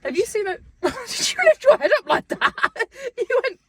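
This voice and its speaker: A young woman co-hosting a casual podcast chat, giggly, playful and excitable. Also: very high-pitched, normal speed, no room sound. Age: young adult. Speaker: podcast co-host.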